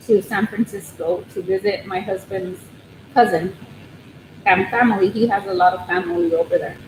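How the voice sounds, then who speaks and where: A nervous woman chats with her viewers from her living room, drifting through her thoughts with frequent ums and restarts. She speaks slowly on a phone mic, and the room gives her voice a roomy echo with a steady layer of background noise. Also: mid-range voice. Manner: rambling and hesitant, many ums and restarts; nervous, soft-spoken. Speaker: crochet channel host on a livestream. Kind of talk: casual live chat with viewers.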